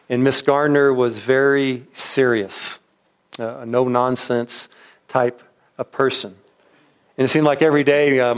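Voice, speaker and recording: Male pastor, mid-pitched, reflective storytelling sermon, stumbles and restarts often.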